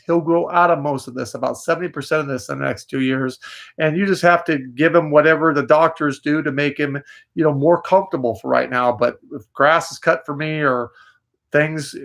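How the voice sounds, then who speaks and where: A man hosting a live psychic call-in show, gently reassuring and a little nasal today. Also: on the high side, fairly quick, vocal fry. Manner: gentle, reassuring, calls people dear. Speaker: psychic host.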